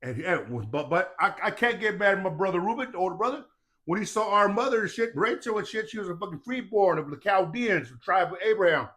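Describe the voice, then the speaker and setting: Preachy, profane man with a slightly high voice. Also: lively intonation, brisk, pushed and bright. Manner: profane, preachy, keeps asking "you understand that?". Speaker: podcast guest. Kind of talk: casual storytelling talk.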